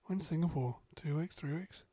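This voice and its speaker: An upbeat man chatting on a podcast, quick to agree and jump in. His voice sits a touch higher than most men's. The sound is dry and close. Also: warm tone, husky, no echo. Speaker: podcast co-host. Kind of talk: casual chat.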